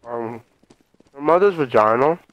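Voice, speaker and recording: A man's voice: medium pitch, animated, unhurried, no echo, lo-fi sound. A young man doing casual gameplay commentary, crude and self-mocking, mumbling while he eats. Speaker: gaming co-host.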